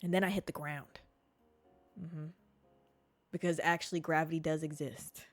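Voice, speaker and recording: A woman podcast host telling a wild story in a casual, animated way, full of swearing and dramatic pauses. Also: sits low, dry recording, soft background music.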